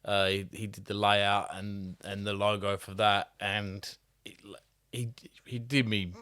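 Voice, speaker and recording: Low, smooth-voiced host. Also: male voice, little pitch movement, measured pace, bright, forceful tone, no echo, clean studio sound. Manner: laid-back, swears freely, slangy. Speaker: podcast host. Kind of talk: casual chat.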